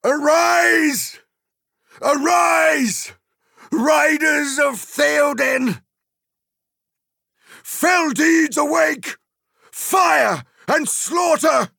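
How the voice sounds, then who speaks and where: A man's voice: very high voice, drawn-out words, vocal fry, long pauses, bright, forceful tone, dry recording, shouting, studio quality, pitched above the performer's own voice, full character voice. A man voicing an old warrior king who bellows a rallying battle cry to his riders. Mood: rallying roar.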